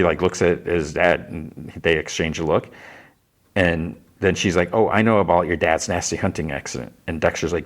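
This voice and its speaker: Deep-voiced man recapping an episode. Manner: retells scenes in quick quoted lines, filler-heavy. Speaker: podcast host recapping a TV episode. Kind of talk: casual recap.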